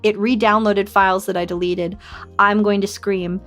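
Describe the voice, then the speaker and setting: Young woman streamer, high voice, unhurried chatter, jumps to squeals and giggles, soft music underneath. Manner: playful and excitable, squealing and laughing, mock outrage at her computer. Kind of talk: casual live-stream chat.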